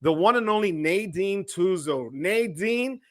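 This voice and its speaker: A man hosting a livestream, energetic and chatty, giving shout-outs to viewers. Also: sits high, unhurried, no echo, studio quality. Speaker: livestream host. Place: home studio.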